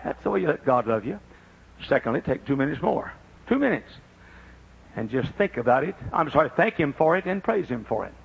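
An older man preaching a sermon, dropping to a low confiding tone and rising to high shouted praise. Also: big pitch swings, brisk, vocal fry, slightly rough, highs cut off.

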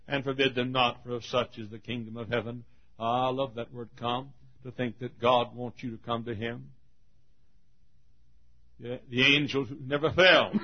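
A male pastor preaching a sermon in a church, with rhythmic repeated refrains that swing from loud calls to hushed asides. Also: mid-range voice, moderate pace, lo-fi sound. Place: church auditorium.

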